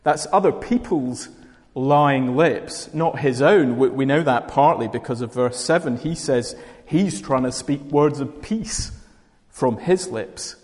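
A man's voice: mid-range voice, slow pace, darkish tone. Scottish man preaching in a reverberant hall. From Scotland. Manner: conversational, dry humour. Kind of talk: sermon.

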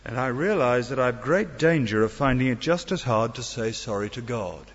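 A middle-aged man with a medium-pitched, slightly rough voice preaches at a moderate pace with lively intonation. His earnest sermon includes wry remarks and rhetorical questions, recorded dully in a church hall with long reverb.

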